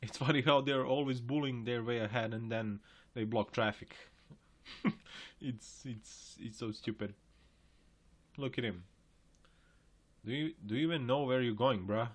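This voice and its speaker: A man's voice: medium pitch, unhurried, long pauses. A man hosting a video, giving joking, chatty reaction commentary over clips and laughing often.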